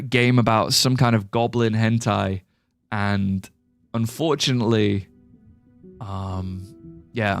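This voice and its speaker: In a fairly low, gravelly voice recorded with studio quality and no room sound, a young man with a British English accent from the UK chats casually while gaming on a livestream. He rambles and cracks jokes, swearing as he reads out viewers' messages.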